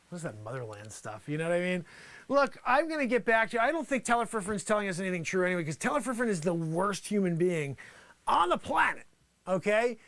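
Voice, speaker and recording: A man with a very high, sharp voice hosts a made-up news segment, rambling in a loose, playful way. He keeps turning to people off-screen as he riffs. His voice sounds close and dry. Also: dry recording. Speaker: host. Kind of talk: improvised mock news report.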